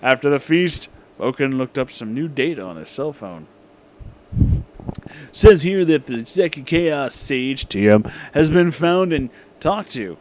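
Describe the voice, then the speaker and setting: A man narrating a comedic fan story aloud in a mock-dramatic, deadpan way. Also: mid-range voice, measured pace, slight background noise. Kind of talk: comedic fan-fiction reading.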